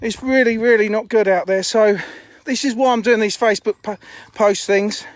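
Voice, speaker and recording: A high-voiced man rambling on a live stream from his fishing lakes, slightly out of breath from walking. He talks bluntly and swears casually. The phone sound is close and dry. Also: fairly even intonation, normal speed, no room sound. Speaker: fishery owner streaming live. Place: outdoors at a fishing lake.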